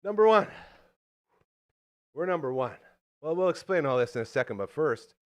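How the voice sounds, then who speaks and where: A man hosts a live show while still catching his breath. He is hyped, jokey and pokes fun at himself. His pitch leaps around from line to line. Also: vocal fry. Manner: hyped, jokey, self-mocking. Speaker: host.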